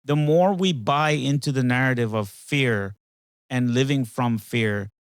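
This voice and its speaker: Man, podcast host, rambling, hesitant, lots of fillers, dry close sound, medium pitch. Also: measured pace, clear, resonant tone, no room sound. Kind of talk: casual talk with an AI.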